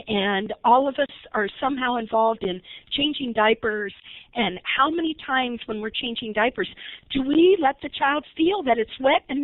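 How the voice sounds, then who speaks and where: Speaking in a high-pitched voice, a woman who trains in early intervention runs a recorded webinar in a conversational way, quizzing her audience. The audio sounds tinny, like a phone line, and dry.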